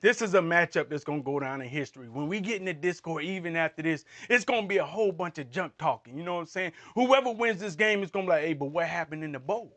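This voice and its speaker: A man chatting as an esports analyst, animated and full of slangy trash talk. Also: on the high side, fast talker, few pauses. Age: adult man. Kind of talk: casual esports desk chat.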